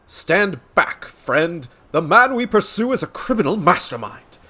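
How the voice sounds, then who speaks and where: A man reading game dialogue aloud as a pompous, grandiose gentleman inspector with flowery, theatrical speech. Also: high voice, big pitch swings, measured pace, pitched above the performer's own voice, full character voice.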